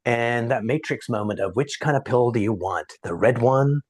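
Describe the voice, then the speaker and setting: A man who is a podcast guest, talking casually and telling an anecdote in a lively way, voicing the people in it. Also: medium pitch, moderate pace, slightly rough. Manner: animated anecdote-teller, acts out quotes. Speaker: podcast guest, sales coach. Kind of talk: casual storytelling in conversation.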